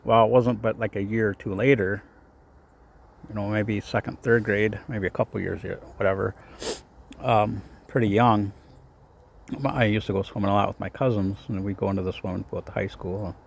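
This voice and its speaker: A man with a low, gravelly voice talks through a casual devotional message outdoors. His voice shakes a little from the cold and he rambles with many fillers. Faint outdoor noise sits behind him. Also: fairly even intonation, normal speed. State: shaky voice from cold. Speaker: faith vlogger.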